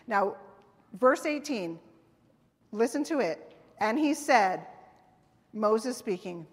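A woman delivers a sermon in a fairly high voice, talking to the congregation as if in conversation and checking in with them as she goes. Her voice rings out through a church hall with a long reverb. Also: animated, takes it slowly, long pauses. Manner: conversational preaching, asking "right?" and "amen?". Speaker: preacher.

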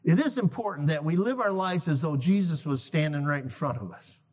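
A man preaching a sermon to a congregation, emphatic, repeating key lines slowly for effect. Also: on the high side, darkish tone. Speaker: guest preacher. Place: church sanctuary. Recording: long reverb of a large hall.

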